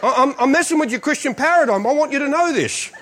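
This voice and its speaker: Man, pastor, comic sermon, self-mocking, laughing, lively pitch. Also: fast talker, a faint crowd. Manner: animated, self-mocking, laughs through lines.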